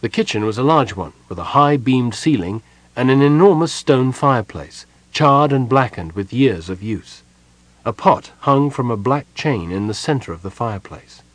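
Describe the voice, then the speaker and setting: A man narrating a fantasy audiobook in a steady, even reading voice. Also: medium pitch, moderate pace, dry recording. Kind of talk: scripted narration.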